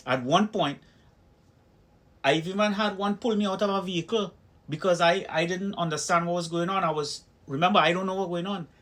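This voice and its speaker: A man's voice: high voice, brisk, a bit bright. A man with a Trinidadian accent telling personal stories in an opinion vlog, speaking emphatically and acting out heated exchanges. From Trinidad and Tobago. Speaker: video commentator.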